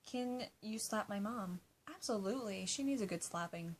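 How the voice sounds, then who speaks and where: An eighteen-year-old woman answers fan questions in a casual vlog, chatting loosely, laughing often, swearing, and peppering her talk with "like." Her mid-range voice moves at normal speed with few pauses, over slight background noise.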